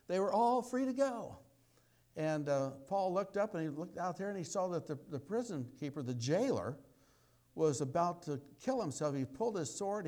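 A man preaching a sermon in a folksy storytelling way. He drops into low, quiet asides, then climbs to loud, high exclamations when he acts out the story.

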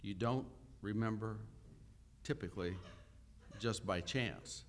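A man preaching a sermon and teaching from a Bible passage, talking conversationally, asking questions and pausing often with "uh.". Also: lowish voice, slight background noise. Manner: unhurried teaching with frequent "uh" pauses; conversational, asks the listeners questions. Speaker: pastor.

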